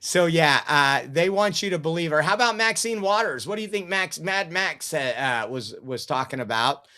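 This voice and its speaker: Guy hosting a politics talk show, kinda high voice, rambly casual storytelling. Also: expressive, normal speed, bright, forceful tone. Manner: rambling, anecdotal, chatty. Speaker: political commentary show host.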